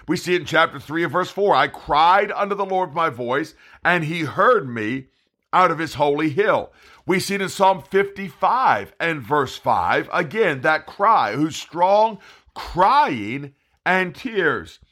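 Man, evangelist preacher, bright tone, lively pitch, emphatic scripture reading. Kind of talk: Bible study sermon.

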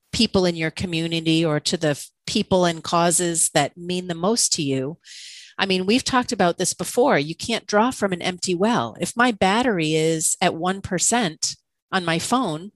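A woman's voice: on the low side, no room sound, low-quality recording. A woman co-hosting a podcast, a coach, talking candidly and questioning herself, with frequent laughter. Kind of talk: reflective conversational podcast talk.

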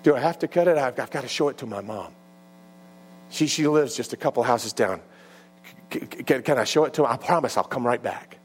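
A man's voice: mid-range voice, lively intonation, a little fast, a little hiss or hum, lightly acted. A man voicing a timid woman of thirty-nine who works the streets at night, speaking with a hesitant stammer. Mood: pleading.

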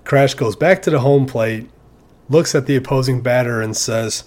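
A man in a casual monologue about his favorite film scenes, retelling them in a relaxed, conversational way and sometimes chuckling at his own stories. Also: medium pitch, normal speed. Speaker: movie fan talking about favorite scenes.

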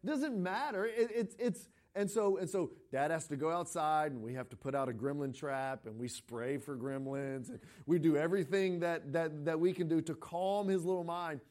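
A middle-aged man, a pastor, preaching a sermon in a conversational, animated way, often restarting his phrases as he tells a story. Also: on the high side, moderate pace, hardly any pauses. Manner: conversational preaching with frequent repeated starts; animated storytelling, breaking into quoted voices.

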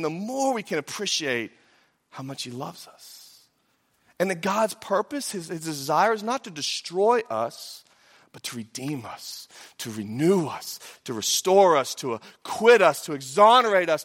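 Impassioned pastor preaching in an echoey hall. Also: male voice, medium pitch. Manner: impassioned, swings between loud emphatic peaks and soft hushed drops. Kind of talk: sermon.

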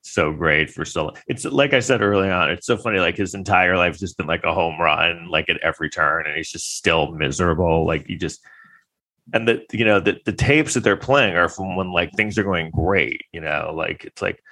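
Man with a lowish voice for a chatty vlog, loose and sarcastic, heavy on fillers. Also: normal speed, bright, forceful tone. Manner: rambling, heavy use of filler words; sarcastic, incredulous. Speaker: vlogger giving trial commentary. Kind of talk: casual rambling commentary.

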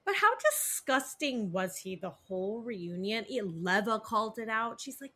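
A woman co-hosting a podcast in casual chat, animated and gossipy, swearing freely. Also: medium pitch, moderate pace. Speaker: podcast co-host.

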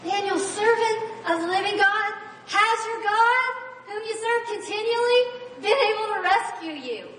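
A desperate male ancient king cries out with loud urgency, as a woman preacher acts him out. The voice sits high and bright. It reaches the listener from far off, with long reverb filling a large room. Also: animated, a little slow, slight background noise, heavily acted. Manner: crying out loudly and urgently. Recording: echoey hall from far off.

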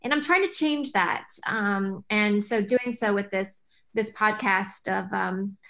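A woman's voice: medium pitch, takes it slowly, a bit bright. A woman guest on a podcast, talking earnestly about her projects with many fillers and restarts. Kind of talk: conversational interview talk.

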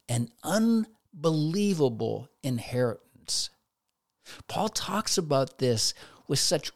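A therapist delivers a motivational faith talk in a voice that's a little high. He peppers it with rhetorical questions and small acted-out inner voices.

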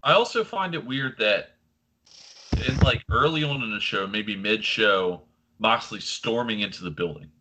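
Animated bright-voiced man ranting. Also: fairly low pitch, moderate pace, slight background noise, poor audio. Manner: animated, opinionated ranting with filler words. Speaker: podcast co-host. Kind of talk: casual chat.

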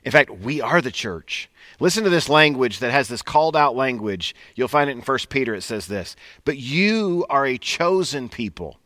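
Pastor in his forties, folksy sermon delivery, bright tone, dry mic. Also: mid-range voice, expressive, a little fast, no echo. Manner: conversational, folksy preaching with frequent "right?".

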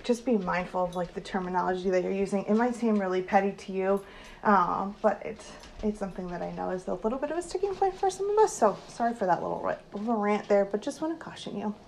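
A woman hosting her own podcast, talking casually from her home kitchen, with lots of likes and quick self-corrections. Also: mid-range voice, slight background noise, low-quality recording. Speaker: podcast host and social worker.

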